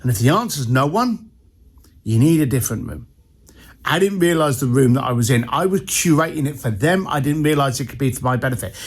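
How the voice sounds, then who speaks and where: A man's voice: mid-range voice, lively intonation, brisk, breathy edge. A man, an entrepreneur coach, telling a blunt and punchy motivational story. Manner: blunt, punchy, acts out dialogue.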